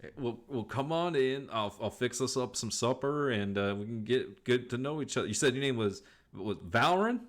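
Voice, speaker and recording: A man voicing a hard-up older frontier rancher who speaks with a folksy, halting drawl. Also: mid-range voice, animated, pitched above the performer's own voice, lightly acted. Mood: weary.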